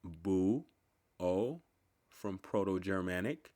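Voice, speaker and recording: A man reading dictionary entries aloud in a slow, deliberate, word-by-word recitation. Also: low-pitched, mellow. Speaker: channel host.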